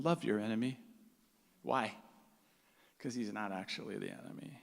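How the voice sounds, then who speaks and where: Animated preacher in a long-echo hall. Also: male voice, on the low side, moderate pace, creaky, pauses often. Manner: animated, swings from loud to hushed. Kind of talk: storytelling sermon.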